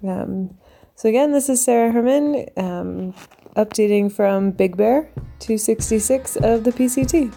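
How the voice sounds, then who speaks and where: Mellow woman hiker, relaxed and halting. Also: a little high, gravelly, soft background music. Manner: relaxed, many ums and pauses. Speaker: hiker giving a trail update. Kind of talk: casual spoken update.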